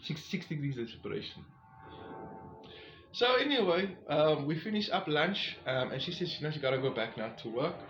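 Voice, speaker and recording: A man's voice: on the high side, lively intonation, brisk, few pauses, a bit bright, faint music behind. A man, rambling through a casual storytime recap of his long walk with lots of fillers and asides. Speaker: vlogger on a long-distance walk. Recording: roomy, slightly dull recording.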